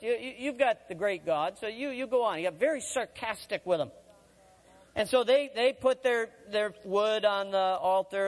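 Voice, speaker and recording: A man preaching a sermon as a storyteller, voicing the quoted speakers and swinging from loud to hushed. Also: high voice, long reverb tail. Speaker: former college chaplain preaching.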